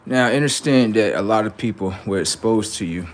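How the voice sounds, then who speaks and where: Low-voiced man rambling on a livestream. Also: fairly quick, slight background noise. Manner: rambling, murmured asides to viewers, slangy. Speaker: livestream host. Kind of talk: casual livestream monologue.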